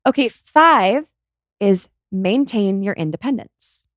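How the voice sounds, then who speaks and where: Young woman, podcast host, casual and animated, mid pitch, dry close mic. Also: dry recording. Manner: chatty, animated, quick to act out quoted voices. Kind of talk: casual chat.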